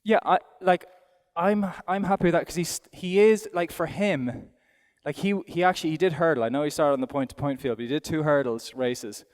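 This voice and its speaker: A middle-aged Irish man coaches aloud from the saddle in a chatty, self-deprecating way. His voice is smooth and fairly high for a man. A long reverb from a big indoor arena follows every word. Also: a little fast. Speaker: event rider giving a riding demonstration. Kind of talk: live demonstration commentary.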